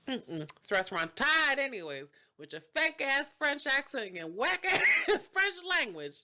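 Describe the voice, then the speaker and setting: Brief: a woman as a sassy, outraged diner, big pitch swings, drawn-out delivery. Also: big pitch swings, very noisy. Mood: indignant. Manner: sassy, exasperated, laughing.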